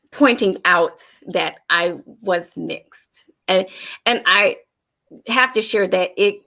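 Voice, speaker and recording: A woman's voice: on the low side, creaky, pushed and bright. A woman speaking thoughtfully in a casual panel discussion, hesitating often with fillers.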